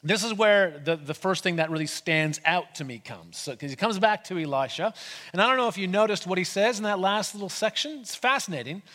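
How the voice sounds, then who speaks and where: Guy preaching, chatty and animated, slightly high voice, big echoey hall. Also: fairly quick. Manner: conversational, animated retelling with asides. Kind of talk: sermon. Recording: long hall reverb.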